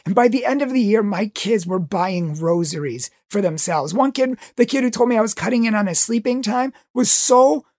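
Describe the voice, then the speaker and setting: A man's voice: high voice, expressive, moderate pace, hardly any pauses, darkish tone, no echo, studio quality. A man who teaches religious education tells a story with passionate pleading and acts out voices. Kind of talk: impassioned storytelling talk.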